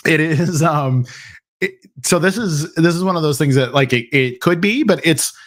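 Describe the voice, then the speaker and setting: A man's voice: on the high side, moderate pace. A man hosting a live ask-me-anything stream who talks in a rambling way, full of fillers and restarts. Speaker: host.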